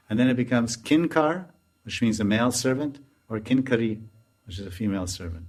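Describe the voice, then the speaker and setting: A man giving a storytelling sermon as a spiritual teacher, animated and laughing as he tells it. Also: medium pitch, fairly quick. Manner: animated, laughs while telling.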